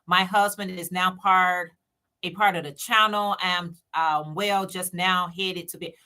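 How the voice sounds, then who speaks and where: A woman's voice: lowish voice, fairly even intonation, a little slow, bright, forceful tone. A woman hosting her own live stream, chatting casually and repeating herself as she speaks straight to her viewers. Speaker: channel host.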